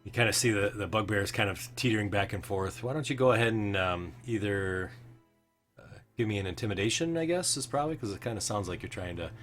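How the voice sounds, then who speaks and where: A man's voice: fairly low pitch, fast talker, fairly bright tone. A man narrating as game master, rambling with many fillers. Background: faint background music.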